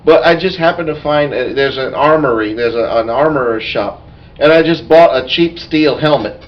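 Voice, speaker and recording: A man's voice: fairly high pitch, moderate pace. A man who co-hosts a podcast and plays in the game, chatting casually with wry jokes. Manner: wry, joking commentary. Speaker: podcast co-host and player. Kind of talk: casual recap of a tabletop game. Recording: dull, distant lo-fi sound.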